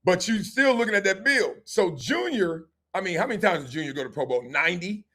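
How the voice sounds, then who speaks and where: A man, hosting a livestream and telling lively stories, acting out voices and laughing often. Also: sits high, a little fast. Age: 50s. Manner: animated storyteller, acts out voices, laughs often. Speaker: show host. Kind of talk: livestream storytelling and chat.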